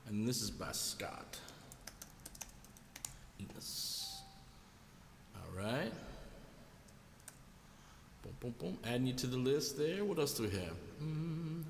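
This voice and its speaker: A man's voice: mid-range voice, sing-song, slow, creaky, pauses often, a little hiss or hum. A man hosting a live music stream, chatting casually and jokingly with viewers between songs and greeting them by name. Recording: roomy sound with long reverb. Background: guitar music.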